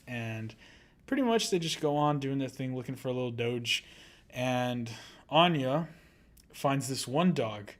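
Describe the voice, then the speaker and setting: A man co-hosting a casual anime podcast who keeps breaking into laughter and losing his train of thought. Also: mid-range voice. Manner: giggly and easily distracted, often breaking into laughter. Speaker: podcast co-host.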